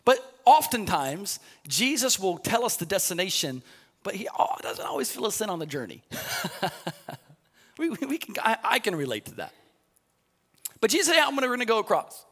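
A man preaching a sermon as pastor, telling the story in a conversational way, often repeating words as he starts sentences, and building to shouted, rising preaching. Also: sits high, huge pitch swings, fairly quick, breathy edge.

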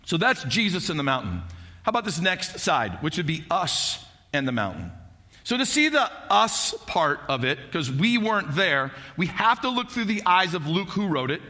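A male pastor delivers a sermon as animated storytelling. His voice sits high and sounds bright and ringing. He keeps it conversational, scattering "like" and "right?" through the message. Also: moderate pace.

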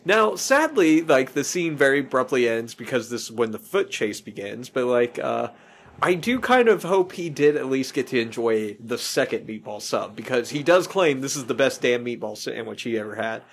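A man's voice: medium pitch, lively intonation, moderate pace, a bit bright, breathy edge. A man hosting a movie podcast in casual chat, rambling and often correcting himself. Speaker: podcast host.

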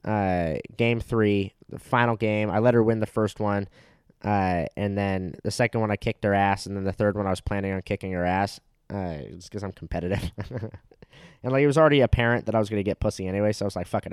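A man's voice: lowish voice, smooth, dry recording, studio quality. A young man telling a rambling, profane comedic story that keeps getting heated, with plenty of filler words.

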